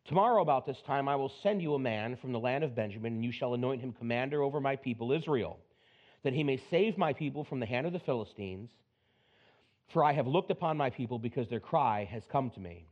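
A man preaching a sermon as a pastor, reading scripture and telling stories in a relaxed, animated, conversational way. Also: medium pitch, brisk, highs cut off. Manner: conversational, animated storytelling with laughs and asides.

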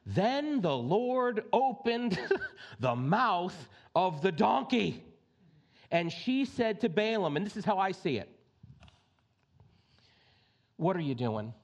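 A male pastor delivers a slow sermon in a high voice with wide pitch swings. Between scripture readings he makes chatty, direct asides to the congregation, keeping his delivery lively and conversational.

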